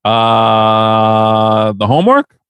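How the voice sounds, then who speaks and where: A man's voice: fairly low pitch, animated, drawn-out words, fairly bright tone, clear, resonant tone, dry recording. A man co-hosting a podcast, riffing with sarcasm and plenty of swearing. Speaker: podcast co-host. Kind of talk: casual chat.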